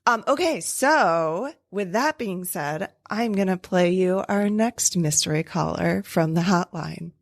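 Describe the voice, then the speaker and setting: A woman's voice: lowish voice, measured pace, few pauses, dry recording, studio quality. A woman co-hosting a podcast, bantering and teasing in casual chat. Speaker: podcast co-host.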